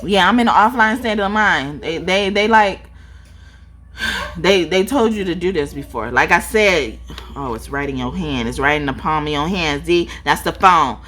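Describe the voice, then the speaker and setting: Animated, profane woman reading tarot. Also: low voice. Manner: animated, profane, laughs often. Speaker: tarot reader.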